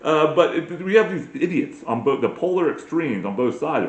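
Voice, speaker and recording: A man's voice: mid-range voice, brisk, echoey room, highs cut off. A man delivering a rambling, crude, self-mocking comedy monologue, often breaking into put-on voices. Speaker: comedy podcast host.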